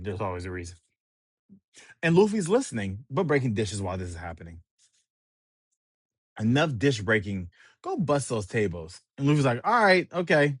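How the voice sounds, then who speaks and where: A man giving an excitable, casual chapter recap as a manga reviewer, reading scenes aloud. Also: medium pitch, breathy edge, no room sound, studio quality. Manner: excitable, reads scenes aloud, laughs often.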